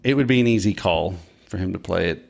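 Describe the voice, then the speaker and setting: A man in his forties chats as a podcast guest, playful and jokey as he rambles through his ideas. His voice is low and gravelly with some vocal fry. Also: fast, a little mellow. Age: 40s. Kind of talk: casual podcast chat.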